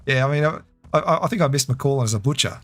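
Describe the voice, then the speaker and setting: A man's voice: mid-range voice, fairly bright tone. A man with an Australian accent chatting casually with his livestream viewers while playing a game, laughing often. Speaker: game streamer.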